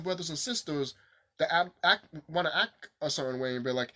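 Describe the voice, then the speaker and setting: A man's voice: a little high, animated, fast, pushed and bright. A man vlogging to camera in a rambling, profane monologue, repeating himself and ranting, his sinuses stuffed up.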